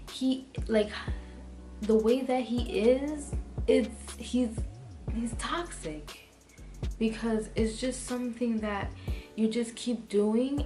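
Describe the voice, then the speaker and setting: A young woman telling a storytime vlog in a heated, profane, rambling way, full of "like" and restarts. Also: mid-range voice. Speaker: vlogger. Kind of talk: casual storytime monologue. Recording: music playing behind her voice.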